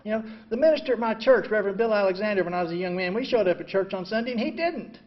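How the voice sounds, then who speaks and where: An older man in his seventies sharing his story at a recovery meeting. He is blunt and self-mocking, says "you know" constantly, and swings between quiet reflection and loud outbursts. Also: high voice, animated, rapid-fire. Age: 70s. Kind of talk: personal recovery talk. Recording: dull lo-fi recording.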